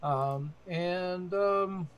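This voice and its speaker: Halting higher-voiced man. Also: muffled recording. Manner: halting, many fillers. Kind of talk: casual chat.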